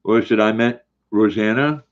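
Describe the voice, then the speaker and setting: With a fairly low pitch and a normal speed, an older man hosts a laid-back livestream. He reads viewers' comments aloud in a folksy fashion while eating, and the audio is dull and lo-fi.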